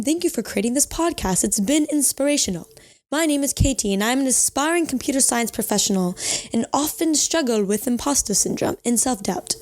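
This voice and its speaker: A woman voicing an earnest young letter writer in a playful mock-British accent, reading the letter aloud in a higher, sing-song voice. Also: darkish tone, close to an everyday voice.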